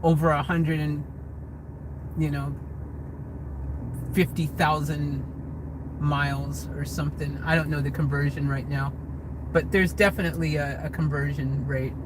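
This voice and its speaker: A man's voice: a little high, little pitch movement, measured pace, pauses often, background noise. A man from the United States chatting on a livestream Q&A, reading out comments and answering in a rambling, hedging way with lots of restarts. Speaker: vlogger answering live chat. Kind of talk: livestream Q&A chat. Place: inside a car.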